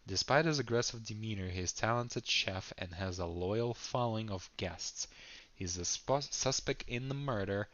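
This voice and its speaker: A man's voice: lowish voice, moderate pace, a bit bright, lo-fi sound. A man reading an AI game prompt aloud, stumbling and laughing as he comments. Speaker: video creator.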